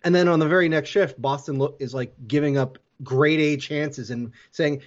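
On dull-sounding audio, this man speaks at a moderate pace in a steady tone, his voice on the high side. As a podcast co-host, he loosely retells a hockey game play by play, leaning on filler words.

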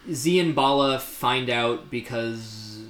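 A man's voice: medium pitch, fairly bright tone. Rambling man in an echoey room. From upstate New York. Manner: rambling, halting, many fillers and restarts. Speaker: podcast co-host. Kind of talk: casual chat.

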